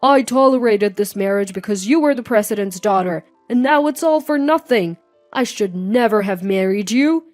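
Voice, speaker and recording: A woman voicing a scheming, arrogant middle-aged male executive who shouts and mocks. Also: on the high side, moderate pace, faint music behind, close to an everyday voice. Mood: bitter. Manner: shouting and mocking.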